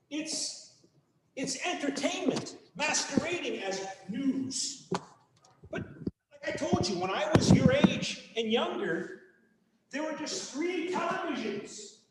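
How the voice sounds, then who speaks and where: High-voiced older man lecturing, echoey. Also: a little hiss or hum. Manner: animated, mock-outraged asides, rhetorical questions. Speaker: teacher. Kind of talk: lecture to students. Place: home room on a video class. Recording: echoey distant video-call audio.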